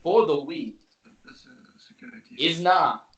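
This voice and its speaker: A man chats on a podcast, ribbing his co-hosts with mock outrage. His voice sits a bit high and swings freely up and down as he jokes. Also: animated, extremely slow, a bit bright, lo-fi sound, a little hiss or hum. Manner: joking, teasing, playfully indignant. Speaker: podcast co-host. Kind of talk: casual chat.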